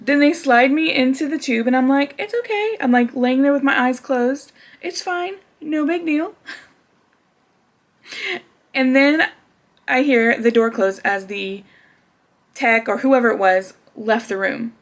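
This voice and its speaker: A woman's voice: on the high side, steady tone, a little slow. A young woman casually telling a personal story to camera, chatty, with frequent laughs and fillers. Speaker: vlogger.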